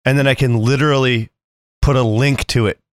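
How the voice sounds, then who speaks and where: A man's voice: medium pitch, steady tone, fairly quick, smooth, no echo, studio quality. A man co-hosting a podcast in casual, profane banter, joking and swearing freely. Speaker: podcast co-host.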